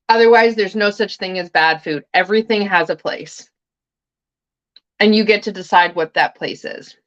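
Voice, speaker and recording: A woman talks casually on a livestream and drops swear words without a second thought. Her pitch sits in an ordinary middle range. The sound is dull and a little lo-fi. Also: fairly bright tone. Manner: chatty, eats while talking, swears casually. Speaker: tarot livestream host.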